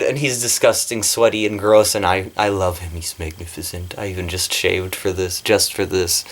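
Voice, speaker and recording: A man vlogging about his cosplay from a corner of his small bedroom, excitable and giggly, with a slight lisp. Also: lowish voice. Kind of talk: casual vlog.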